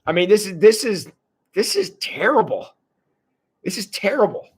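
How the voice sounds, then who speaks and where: A man with a high-pitched voice leads a livestreamed Bible study for his church. His delivery is casual and wry, full of restarts and chuckles as he comments on the text. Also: big pitch swings, moderate pace, breathy edge.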